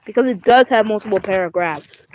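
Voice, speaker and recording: A woman's voice: mid-range voice, a little fast, lo-fi sound. Young British woman bickering with herself. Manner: bickering back and forth between two characters in one voice; stumbling, restarting and rambling. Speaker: puppeteer voicing plush toys. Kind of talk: playful plush puppet skit.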